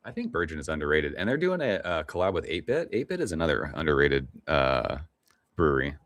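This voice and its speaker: Middle-aged male stream host, very deep and laid-back, rambling and cussing casually. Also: big pitch swings, a little fast, a bit bright, no room sound. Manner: laid-back, rambling, swears casually, reads chat aloud. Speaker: livestream host. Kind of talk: casual live-stream chat.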